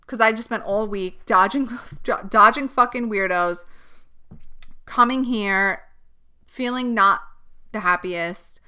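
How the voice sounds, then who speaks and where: A woman's voice: mid-range voice, slow, pauses often, sharp tone, clean tone. A young woman hosting a podcast, venting in an exasperated, profane way. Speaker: podcast host. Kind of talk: candid solo podcast monologue.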